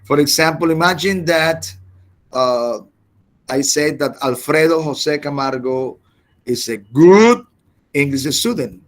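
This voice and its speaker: A man teaching an English class over a video call, halting and often repeating words as he explains. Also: on the high side, expressive. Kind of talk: online class lecture.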